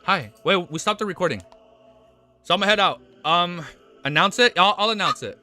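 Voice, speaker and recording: A young man with a bright, ringing voice chats loosely through a stream sign-off, his pitch bouncing all over the place. He rambles in an easygoing way and keeps slipping into doting baby talk aimed at his dog. Faint music plays behind him. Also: animated, fairly quick. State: low energy. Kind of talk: casual stream outro chat. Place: home, sitting on the floor.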